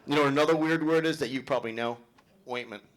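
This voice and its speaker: Here a middle-aged comedian works the audience during a live set, teasing them with crude, brash humor. He talks fast in a mid-range voice over a noisy backdrop.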